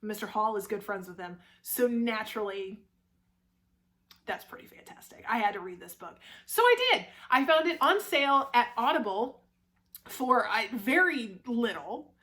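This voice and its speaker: A young woman talks to her camera about a favourite book in a casual, gushing way. Her voice sits fairly high, and she piles up fillers and restarts as she goes. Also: expressive, normal speed, sharp tone. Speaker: book reviewer.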